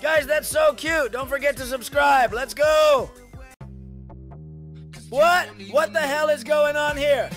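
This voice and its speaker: A man hosting a reaction video, calling out excitedly at clips and pleading with viewers to subscribe. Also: extremely high pitch, slow, pauses often, soft background music. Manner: exclamatory, keeps begging viewers to subscribe.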